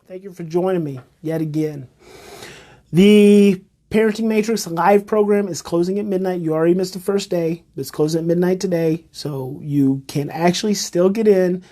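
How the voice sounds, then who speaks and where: A man's voice: high voice, moderate pace, dark tone. A man who teaches parenting, giving an emphatic live-streamed talk and repeating his key phrases and rhetorical questions. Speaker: parenting educator.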